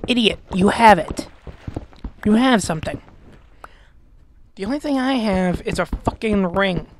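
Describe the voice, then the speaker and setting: A woman's voice: medium pitch, expressive, a little slow. Woman ranting over gameplay, exasperated and profane, slightly noisy recording. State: gassy, clearing throat. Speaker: Let's Play host.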